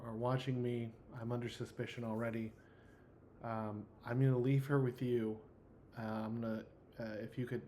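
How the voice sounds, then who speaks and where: A man running a tabletop game, speaking for a character in a halting way with many pauses. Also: medium pitch, a little mellow, slight background noise. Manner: hesitant, many ums and restarts. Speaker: game master. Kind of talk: voicing an NPC in a tabletop game.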